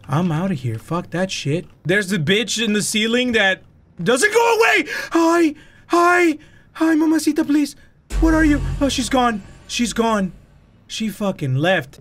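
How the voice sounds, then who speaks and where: A young man with a Mexican accent giving loud, cursing horror gameplay commentary, easily spooked and given to sudden yelps. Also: sits high. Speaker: gaming YouTuber.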